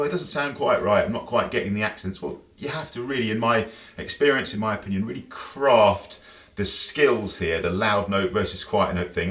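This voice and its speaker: A man's voice: on the low side, a bit bright. Chatty man teaching drums. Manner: chatty, counts and scats rhythms aloud. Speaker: drum teacher. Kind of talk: casual instructional talk. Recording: roomy echo.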